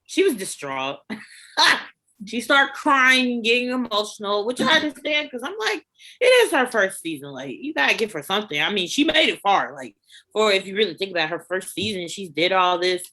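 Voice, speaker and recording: A woman co-hosting a casual review chat, expressive and laughing often. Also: medium pitch, normal speed. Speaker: co-host reviewing a reality show.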